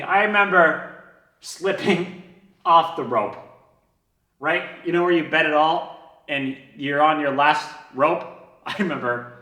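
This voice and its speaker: A man with a flu telling a personal story in a casual way. He swears a lot, laughs between lines and swings from loud to hushed. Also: on the high side. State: sick with a flu. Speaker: online business coach telling his story. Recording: echoey room.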